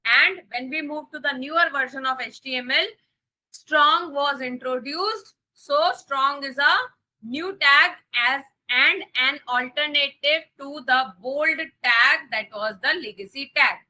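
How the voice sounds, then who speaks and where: A woman's voice: high voice, normal speed, hardly any pauses, sharp tone, low-quality recording. A woman with an Indian English accent teaching a live coding lesson, repeating key points and checking that students understand. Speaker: coding instructor.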